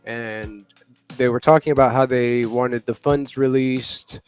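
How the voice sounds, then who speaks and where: A man's voice: medium pitch, steady tone, measured pace, clean tone, faint music behind. A man hosting a casual live news chat, rambling with lots of fillers and laughing now and then. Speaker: morning show host.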